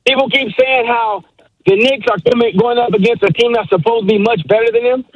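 A man's voice: very high-pitched, brisk, no room sound, lo-fi sound. An enthusiastic man calling in to a sports radio show, cheering for his team. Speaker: caller.

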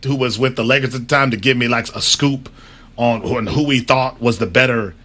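A man co-hosting a sports radio show, animated and often laughing in casual talk. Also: medium pitch, a little fast.

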